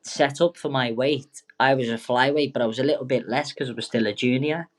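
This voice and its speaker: Young lad, guest boxer; loose, sweary, jokey storyteller who keeps backtracking. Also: male voice, medium pitch, steady tone, brisk. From England. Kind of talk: casual storytelling interview.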